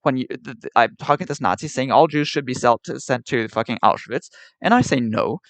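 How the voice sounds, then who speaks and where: A man's voice: mid-range voice, fairly quick, fairly bright tone, no room sound. A man streaming live, arguing with and ranting at his chat in an exasperated, repetitive way. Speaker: livestreamer.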